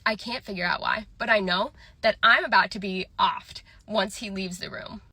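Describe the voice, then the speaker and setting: A woman's voice: medium pitch, moderate pace, sharp tone, husky, no echo. A young woman telling a casual story about her workplace, chatty and full of "like". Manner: chatty, filler-heavy "like".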